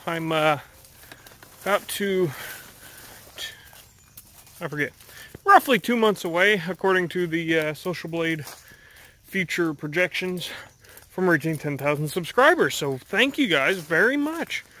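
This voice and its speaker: Young man, casual walking vlog, animated rambling, handheld camera, outdoors in woods. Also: on the high side. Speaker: vlogger.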